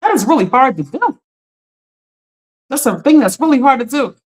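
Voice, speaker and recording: A woman life coach with a somewhat high voice talks straight to her live-stream viewers. She is emphatic and encouraging, calling them "y'all" and pressing her point again and again. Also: expressive, moderate pace, a little mellow. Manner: earnest and encouraging, greeting viewers by name. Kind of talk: live-streamed motivational talk.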